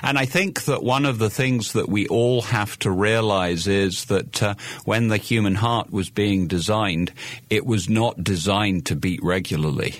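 A middle-aged British man giving a measured, explanatory radio interview as a guest cardiologist. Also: lowish voice, no room sound. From Britain. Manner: measured, explanatory, repeats words when starting.

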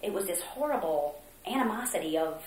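A woman from Mexico being interviewed, earnestly recounting a story, acting out quotes with hesitant pauses. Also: fairly low pitch, expressive, darkish tone. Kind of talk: oral history interview. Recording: roomy echo, faint noise.

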